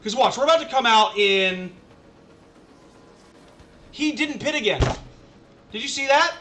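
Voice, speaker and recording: While live-streaming a racing management game, a man talks casually to his chat, ranting in exasperation and repeating himself. His voice is extremely high-pitched and animated yet unhurried, over a noisy background.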